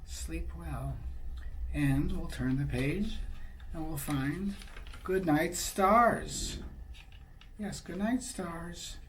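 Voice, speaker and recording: Slow, gentle older man reading a storybook. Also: a little high, far from the mic, a little hiss or hum. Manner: slow and gentle, pointing out pictures on each page. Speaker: storybook reader. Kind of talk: reading a picture book aloud to small children.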